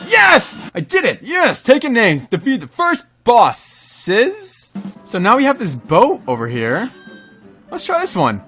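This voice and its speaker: A man giving excitable gameplay commentary as a gaming video host, yelping and shouting at the game and talking to the enemies. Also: very high-pitched, a little slow, soft background music. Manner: talks to himself and the enemies. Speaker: gaming YouTuber.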